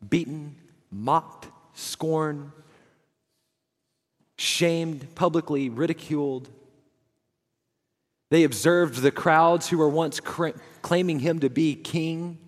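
A man preaching a sermon as dramatic storytelling, moving from hushed, somber lines to fervent, rising passages. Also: on the high side, takes it slowly, pauses often, big-room sound. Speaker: pastor.

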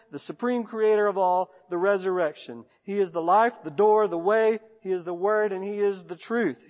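High-voiced Texan pastor in a reverberant church. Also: male voice. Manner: rhythmic preaching, long lists, soft drops at line ends. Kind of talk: sermon. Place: church sanctuary.

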